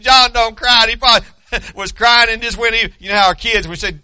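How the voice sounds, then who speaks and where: A man's voice: sits high, steady tone, fairly quick, bright, forceful tone, dry recording. An older man preaching a sermon in an emphatic, repetitive way, with many hesitations.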